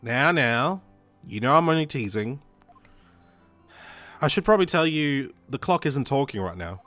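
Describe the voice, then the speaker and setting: Composed older-sister lawyer for a game, voiced by a man, gentle, measured. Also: mid-range voice, lively intonation, soft background music. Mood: calm. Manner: gentle, measured, softly teasing.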